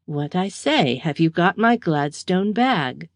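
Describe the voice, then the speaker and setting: A woman reading the part of a soft-spoken, quietly menacing man in an audiobook. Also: lowish voice, very animated, takes it slowly, no room sound, studio quality, full character voice. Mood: cold. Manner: quiet and pointed.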